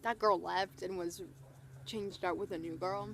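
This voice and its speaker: A young woman vlogger gushing through an excited storytime, full of "like" and retold quotes. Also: fairly low pitch, a little slow, noisy background. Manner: gushing, breathless retelling full of "like".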